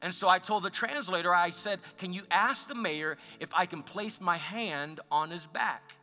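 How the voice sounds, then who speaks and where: High bright-voiced pastor preaching in a hall. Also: male voice, normal speed, faint music behind. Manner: conversational storytelling with many restarts. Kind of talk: sermon. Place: church sanctuary.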